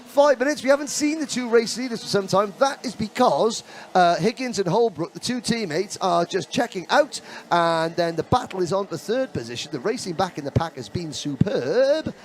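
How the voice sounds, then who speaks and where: A man giving live kart race commentary, chatty and excitable, breaking into rapid bursts as the action heats up. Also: high-pitched, a little hiss or hum.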